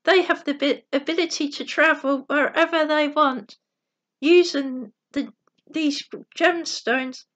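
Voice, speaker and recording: A woman's voice: high-pitched, fairly even intonation, slow pace, a bit bright. A woman reading a small magical gnome's lines in a cautionary, helpful way. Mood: warning.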